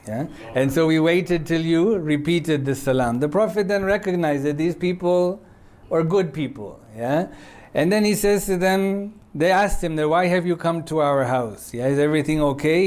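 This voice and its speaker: Man, sermon storytelling, conversational, slightly high voice, checks in with listeners, quick Arabic quotations. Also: darkish tone. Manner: conversational, frequent checking "yeah?" with audience; quotes Arabic passages swiftly. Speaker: preacher.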